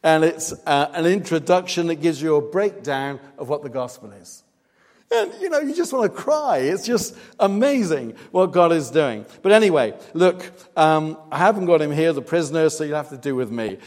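A man delivers a sermon, earnest and emphatic. His voice sits a little high for a man. A long reverb from the church hall trails after each phrase. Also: lively intonation, moderate pace, hardly any pauses. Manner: earnest, emphatic, rising to loud stress on key points. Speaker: preacher.

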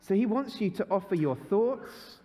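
A man preaching a lively children's sermon to a congregation, repeating key phrases so listeners can join in. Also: high-pitched, normal speed. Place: church hall with long reverb. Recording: long hall reverb.

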